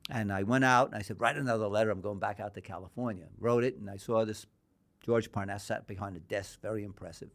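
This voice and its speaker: Older male podcast guest, low-pitched, rambling anecdotal storyteller. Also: steady tone, fast. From New York. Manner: rambling anecdotal storyteller, acts out quoted dialogue. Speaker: guest, boxing historian.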